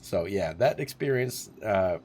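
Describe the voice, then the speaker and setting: A man's voice: deep voice, animated, a little slow, a little mellow, slight background noise. A man in his forties telling a rambling, profane story on a live stream, chuckling as he goes. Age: 40s.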